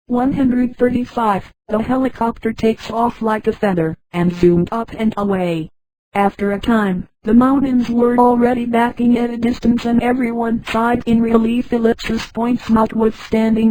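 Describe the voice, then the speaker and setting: A text-to-speech woman's voice narrating a story in a flat delivery, reading punctuation marks aloud. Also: fairly high pitch, no room sound, poor audio.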